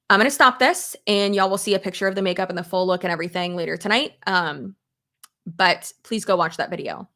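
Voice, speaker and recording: A woman's voice: medium pitch, vocal fry, a bit bright. A young adult woman chatting casually on a live stream while doing her makeup, rambling with lots of fillers and answering viewers' comments.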